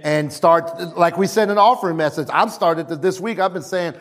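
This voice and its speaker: Preaching a sermon in a fairly high voice, this male pastor speaks fairly quickly and with emphasis. He repeats his main lines, invites the congregation to respond, and alternates between loud exhortation and quiet asides.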